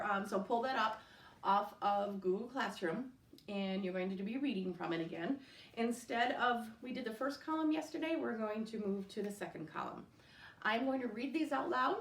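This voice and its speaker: A woman's voice: a little high, recorded from a distance. A woman teaching a recorded spelling lesson at home, patiently sounding out words letter by letter. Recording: echoey room, voice off-mic.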